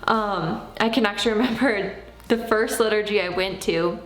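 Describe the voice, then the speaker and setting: A woman in her thirties telling a personal story in a casual, animated way, acting out what she said back then. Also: mid-range voice, normal speed, reverberant. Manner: animated, acts out her own past lines. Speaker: vlogger.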